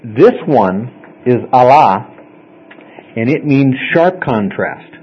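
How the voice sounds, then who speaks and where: A man's voice: medium pitch, very animated, slow pace, slightly rough, highs cut off. A man teaching a Bible study class to a group, explaining step by step in a conversational way and often checking in with "okay?". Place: classroom with listeners.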